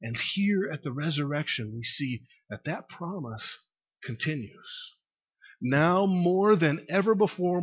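A man's voice: fairly high pitch, a bit bright, husky. A male pastor preaching a sermon in a conversational way, with fillers and emphatic repeats. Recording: lo-fi dull recording.

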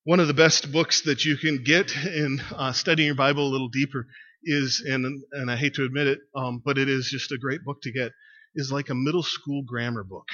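A man's voice: mid-range voice, steady tone, fairly quick, sharp tone. A male pastor preaching a sermon in a conversational way, with fillers and emphatic repeats. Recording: lo-fi dull recording.

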